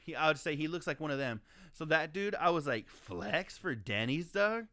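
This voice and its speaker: A man co-hosting a podcast, telling a story in profane, animated casual chat. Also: a little high, fast talker. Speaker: podcast co-host.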